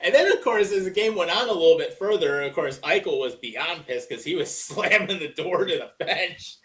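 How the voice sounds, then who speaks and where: A man's voice: a little high, expressive, moderate pace, fairly bright tone. A man, co-hosting a podcast and chiming in with asides and chuckles. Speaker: podcast co-host. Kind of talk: casual chat.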